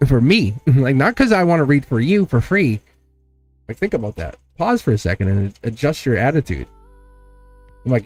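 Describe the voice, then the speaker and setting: A man hosting a members-only tarot livestream in casual chat, animated and laughing often as he talks to his viewers. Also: mid-range voice, moderate pace, soft background music. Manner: chatty and animated, laughs often, acts out quoted exchanges. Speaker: tarot reader and channel host.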